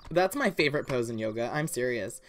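A woman's voice: a bass voice, expressive, a little fast. A woman hosting a casual let's play, chatting loosely with lots of fillers and giggles. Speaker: gaming channel host.

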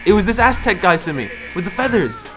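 A young man hosting a let's play, talking in casual, loud commentary full of swearing and jokes. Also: high-pitched, brisk. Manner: loud, swearing, jokey, animated outbursts. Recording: game music playing behind.

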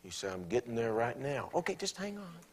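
A Southern American pastor preaching a sermon in a church, swinging from loud, emphatic lines to hushed, near-whispered quotes. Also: male voice, mid-range voice, sing-song, fairly quick, slightly rough. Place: church sanctuary.

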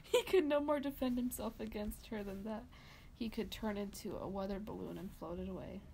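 Gravelly woman reading horror aloud. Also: medium pitch, a little fast, a little mellow, slight background noise. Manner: dramatic reading, laughs between lines. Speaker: podcast co-host.

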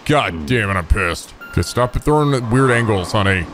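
A man's voice: on the low side, normal speed, background noise. A man hosting a video game playthrough, swearing and trash-talking in mock anger. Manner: profane, excitable, mock-angry trash talk. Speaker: let's play host. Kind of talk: gaming commentary.

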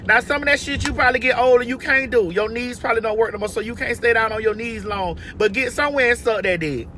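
A woman's voice: on the high side, fast talker, pushed and bright, a little hiss or hum. A woman giving brash, profane, emphatic advice in a casual monologue from her car. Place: inside a parked or moving car.

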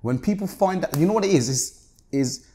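A man's voice: on the high side, a little fast. Brash young man with a Luton accent. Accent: Luton English, street slang. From England. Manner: brash, slangy, animated, swearing. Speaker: guest. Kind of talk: casual interview chat.

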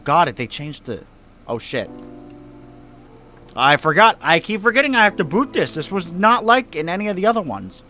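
A man's voice: high-pitched, sharp tone. A young man doing let's play commentary on a horror game, jumpy and swearing, screaming when scared. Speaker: gaming YouTuber.

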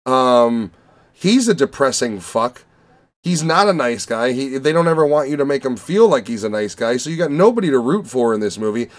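A man's voice: medium pitch, animated, moderate pace. Profane rambling man reviewing movies. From Chicago area. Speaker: podcast host reviewing movies. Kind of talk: casual chat.

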